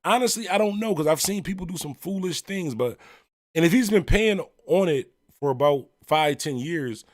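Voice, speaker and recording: A Buffalo, New York man hosts a music talk livestream, reacting to viewer comments in a loose, rambling way packed with fillers and shout-outs. His voice sits on the high side with lively intonation and a moderate pace. The recording is studio quality with no echo.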